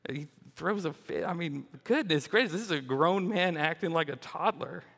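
A young man giving a lively, joking sermon as a children's minister, often restarting his words. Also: fairly high pitch, moderate pace, gravelly, in a large hall. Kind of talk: animated sermon.

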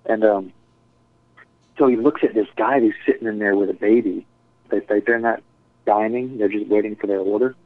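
A man's voice: lowish voice, steady tone, normal speed, pauses often. A man casually telling a rambling story full of swearing and acted-out quotes. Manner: profane, rambling, acts out quotes. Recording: tinny phone-like dry sound.

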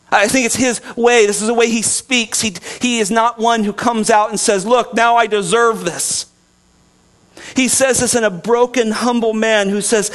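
A pastor preaching a sermon in an earnest way, dropping soft and slow, then rising loud and emphatic. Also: male voice, high voice.

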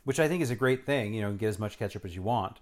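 A man chatting casually, blunt and profane, who is quick to laugh and to tease. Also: on the low side, expressive. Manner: blunt, profane, easily amused. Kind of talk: casual chat.

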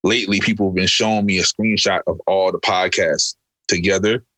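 Laid-back low-voiced man co-host. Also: steady tone, a little fast, a bit bright, no room sound. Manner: laid-back, boastful hype intro. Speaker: podcast co-host. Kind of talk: casual chat.

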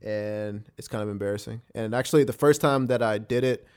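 A man's voice: lowish voice, fairly quick, darkish tone, smooth. A young man, co-hosting a podcast in casual chat, laid-back, laughing often and swearing casually. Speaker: podcast co-host.

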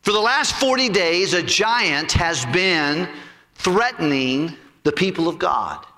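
Animated, bright-voiced preacher. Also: male voice, high-pitched, slow, long reverb tail. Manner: animated, repeats words while retelling. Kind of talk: storytelling sermon.

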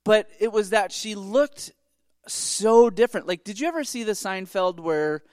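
A middle-aged man rambles through a dating story on a podcast, breaking off into asides and restarts. His voice sits a little high for a man, and the recording is close and dry. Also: unhurried, darkish tone, clean tone, no echo. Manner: rambling, self-interrupting storyteller. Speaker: podcast co-host. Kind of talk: casual chat, storytelling.

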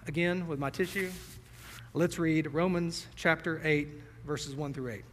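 A young man preaching in a church sanctuary, his fairly high voice carrying through a long, echoing hall. He speaks to the congregation directly and earnestly. He sounds a little teary and emotional. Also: a little slow, a bit bright. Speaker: pastor. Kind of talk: sermon.

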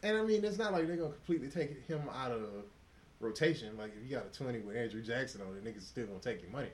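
This podcast co-host speaks in a mid-range male voice with lively intonation and a racing pace. He trades profane jokes in casual banter and keeps bursting into laughter.

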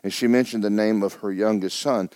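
A middle-aged man preaching a sermon as pastor, telling a personal story with stammering restarts and sudden swings between hushed and loud. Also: fairly low pitch, steady tone, fairly quick, no echo, studio quality.

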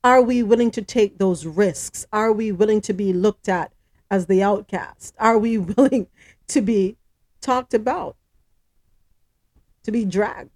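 A woman's voice: mid-range voice, a little slow, pauses often, darkish tone, no echo. A woman hosting a news podcast, reading stories aloud and adding her own chatty comments and questions. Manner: chatty, asks co-hosts questions, stumbles over names.

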